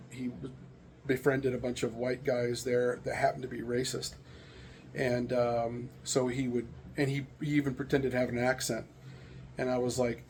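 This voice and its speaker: A middle-aged American man talks in a loose, rambling way, full of fillers and restarts. His voice has a gravelly texture, with a faint hiss of noise behind it. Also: mid-range voice, mellow. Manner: rambling, candid storytelling with frequent fillers. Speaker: vlogger sharing opinions. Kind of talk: casual monologue.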